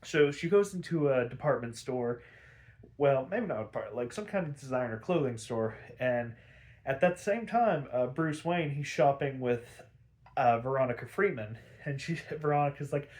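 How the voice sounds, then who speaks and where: A man's voice: mid-range voice, expressive, normal speed, darkish tone. Young male podcast host, loose rambling recap, swears freely. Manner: rambling, profane, laughing. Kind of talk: casual episode recap.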